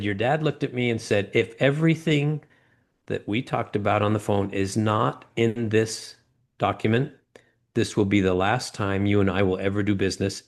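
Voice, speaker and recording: A middle-aged man, a guest in an interview, telling stories with lively acted-out quotes. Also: medium pitch. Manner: animated storyteller acting out quoted voices. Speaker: guest, former ladder company owner. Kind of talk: storytelling interview talk.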